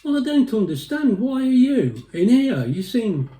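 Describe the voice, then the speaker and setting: Man doing a polite, prim elderly queen, slightly raised and lively, echoey room. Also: sits high, moderate pace, pitched above the performer's own voice. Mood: gracious. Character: the Queen, an elderly gracious woman.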